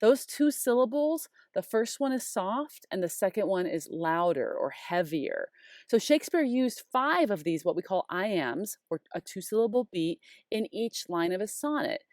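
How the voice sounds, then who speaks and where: A woman in her forties, a high school English teacher, giving a casual online lesson in a chatty, upbeat way and talking straight to the viewer. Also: no echo, studio quality.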